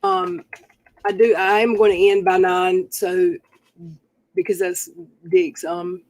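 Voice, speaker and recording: A woman's voice: on the low side, big pitch swings, slow pace, creaky, darkish tone. Chatty woman hosting a stream. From North Carolina. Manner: chatty, rambling with fillers. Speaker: stream host. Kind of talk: casual live-stream chat.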